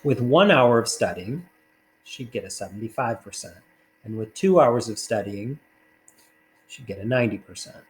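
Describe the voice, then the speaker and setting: A man's voice: medium pitch, expressive, moderate pace, poor audio. A man teaching a recorded math lesson, talking casually through worked problems with fillers along the way.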